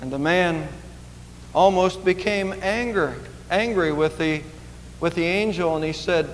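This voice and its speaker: A man's voice: sits high, measured pace, long reverb tail, slight background noise, low-quality recording. A man preaching a sermon as pastor, earnest and emphatic, repeating key phrases for weight. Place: church sanctuary.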